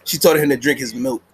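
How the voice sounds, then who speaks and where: A man with a low voice talks through an anime episode in loose street slang, rambling and laughing as he goes. He records at home while the TV plays, and faint noise sits under his voice. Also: rough recording. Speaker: anime reviewer. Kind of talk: casual episode review.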